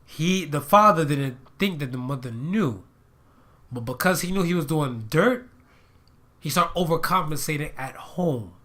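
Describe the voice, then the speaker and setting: Rambling male podcast co-host, bright voice. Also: on the high side, animated, measured pace. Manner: rambling storyteller, fills with "and stuff, whatever". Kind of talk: casual chat.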